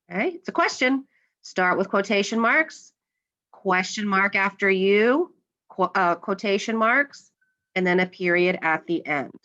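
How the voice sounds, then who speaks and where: A woman's voice: medium pitch, animated, measured pace, fairly bright tone, highs cut off. A woman teacher explaining a grammar lesson step by step, patiently, and acting out the example lines.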